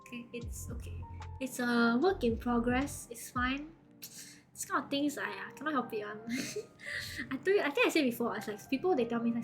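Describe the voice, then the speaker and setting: Young Singaporean woman streamer, high pitch, giggly, rambling chat, faint music underneath. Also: lively intonation, normal speed. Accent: Singaporean English. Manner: giggly, rambling, laughs often. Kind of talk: casual chat with live viewers.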